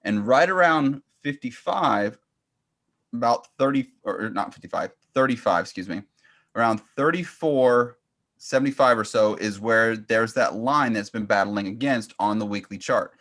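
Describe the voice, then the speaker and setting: A man coaching trades, calmly walking through a chart step by step in casual chat. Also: mid-range voice, moderate pace. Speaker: trading coach.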